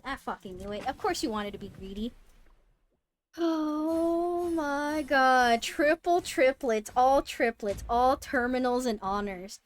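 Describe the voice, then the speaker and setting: A woman streaming a game, chatting casually, swearing often and jumping from low mutters to squealing disbelief. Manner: swings from mumbled muttering to high yelps of disbelief, swears often. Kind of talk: casual live-stream chat while gaming. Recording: faint music behind. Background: faint background music.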